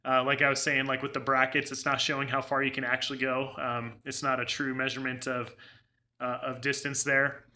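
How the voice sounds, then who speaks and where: Bright-voiced young man streaming a game. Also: medium pitch, monotone, fairly quick. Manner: rambling, laughs often, many fillers. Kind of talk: casual live gameplay commentary.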